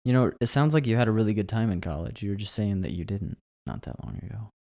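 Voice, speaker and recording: A man interviewing his wife on their podcast in a relaxed, teasing way. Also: lowish voice, quick pace, vocal fry. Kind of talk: casual interview chat.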